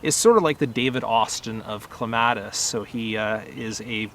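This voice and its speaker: A middle-aged man who runs a rose nursery, talking casually to camera in a relaxed, conversational way, with fillers and self-corrections. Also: lowish voice, moderate pace, slight background noise. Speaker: rose nursery grower and channel host.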